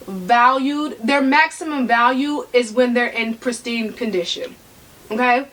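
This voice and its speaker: A woman with a high voice talks straight to her viewers in a casual vlog. She wanders off on tangents and comes back, repeating key points to drive them home. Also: a bit bright. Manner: chatty, tangent-prone, talks to viewers directly; emphatic repeats for stress. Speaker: vlogger. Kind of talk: casual talk to camera.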